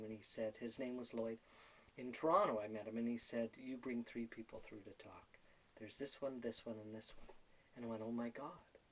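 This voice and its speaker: Guy rambling through his own story, mid-pitched voice, acts out the other voices as he goes. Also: a little hiss or hum, rough recording. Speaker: spiritual medium telling his life story. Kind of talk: casual personal storytelling.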